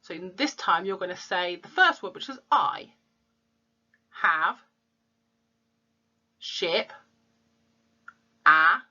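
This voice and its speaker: A woman teacher, slowly sounding out letters and words in a phonics lesson for young children. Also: fairly low pitch, lively intonation, pushed and bright, dull audio. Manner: slow, clear sounding-out of letters. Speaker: primary school teacher.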